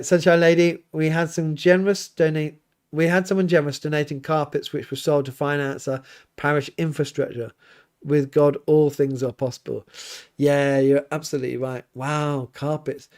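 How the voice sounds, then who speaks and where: A man, a priest hosting a relaxed livestream, reading viewer comments aloud and chatting back with an easygoing, often laughing manner. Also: fairly high pitch. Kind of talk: casual livestream chat. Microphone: livestream mic.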